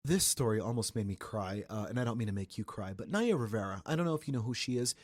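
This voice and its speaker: A young man from the Atlanta area hosting a casual celebrity gossip podcast, chatty and animated. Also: fast, no room sound. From Atlanta area, Georgia. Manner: chatty and animated, breaks into high sung bits. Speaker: podcast host.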